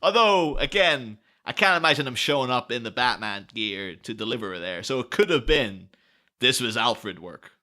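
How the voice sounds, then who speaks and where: Bright-voiced laughing man. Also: medium pitch, moderate pace. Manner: laughs often, animated storytelling with put-on quotes. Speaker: podcast co-host. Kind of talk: casual chat.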